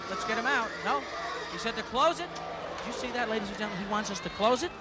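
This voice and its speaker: A man's voice: sits high, fast, a loud crowd, very noisy. A man hosting a live stage show, chatty and nervous, asking questions as he counts down the time. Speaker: show host. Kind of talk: live stage emcee patter.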